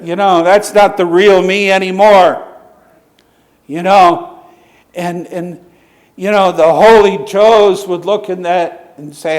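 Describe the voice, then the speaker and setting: A man preaching a sermon as pastor, telling personal stories in a conversational way, acting out quoted voices and closing in prayer. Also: high voice. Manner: conversational storytelling preacher, quick bursts and lively quoted voices.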